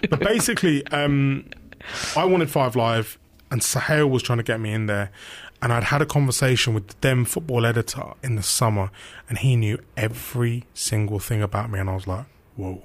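Young man telling lively stories. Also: mid-range voice, fairly quick. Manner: animated anecdotes, acts out quotes. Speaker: football radio reporter. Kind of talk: casual storytelling chat.

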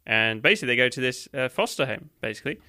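Chatty guy, crisp bright voice with some gravel, rambles happily. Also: medium pitch, sing-song, very fast. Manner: enthusiastic, rambling with fillers. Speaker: podcast co-host. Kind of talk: casual chat reviewing a cartoon.

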